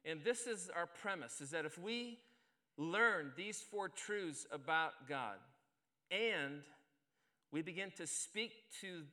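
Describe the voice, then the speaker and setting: A man's voice: on the high side, lively intonation, slow, sharp tone. A middle-aged man, a pastor, preaching a sermon and telling a self-deprecating story in a conversational way at a church service.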